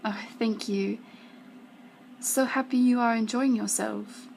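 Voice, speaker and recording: A woman voicing a gracious French hostess with a French accent, polite and warm to her young guest. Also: fairly high pitch, fairly even intonation, slow, gravelly, slight background noise, low-quality recording.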